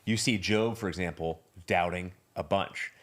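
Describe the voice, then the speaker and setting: A man with a fairly low voice talks thoughtfully on a podcast. He retells passages and stories to make his point, at a measured pace. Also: a bit bright. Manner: reflective, storytelling, quotes passages in measured voice. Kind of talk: casual podcast discussion.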